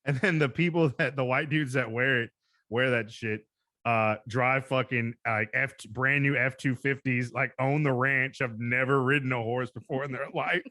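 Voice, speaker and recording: A man's voice: mid-range voice, steady tone, normal speed, pushed and bright, no room sound, studio quality. A young man from the American South, hosting a podcast and ranting casually with a lot of swearing. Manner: profane, ranting. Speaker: podcast host. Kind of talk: casual chat.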